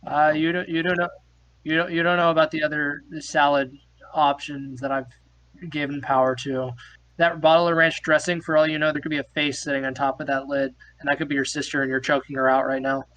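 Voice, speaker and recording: Giggly, bright-voiced young man telling a story. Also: fairly high pitch, fairly quick, low-quality recording. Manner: animated, giggly, stammering storyteller. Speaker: podcast co-host. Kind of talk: casual chat, storytelling.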